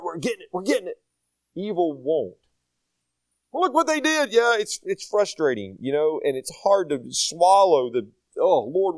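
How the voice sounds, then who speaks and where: An older man preaches in a high voice that swoops up and down. His folksy, self-deprecating sermon is full of rhetorical questions, and the sound is close and dry. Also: no echo. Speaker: pastor.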